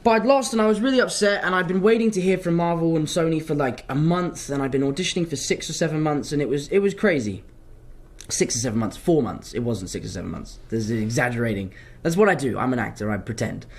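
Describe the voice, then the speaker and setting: Lively young Englishman chatting. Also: fairly high pitch, fast talker. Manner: animated, chatty storytelling, self-mocking asides. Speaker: actor. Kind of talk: live Q&A, answering fan questions.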